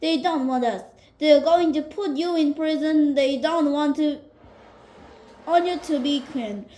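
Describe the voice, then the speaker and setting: A woman's voice: high-pitched, a little slow, dark tone. Woman voicing a frightened, weepy young king. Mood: worried. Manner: pleading, anxious.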